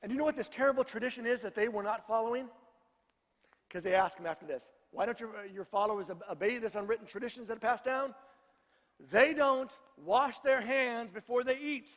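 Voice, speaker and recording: High-voiced pastor in a reverberant hall. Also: male voice, fast. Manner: conversational, jokes with the congregation. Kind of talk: sermon. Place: church sanctuary.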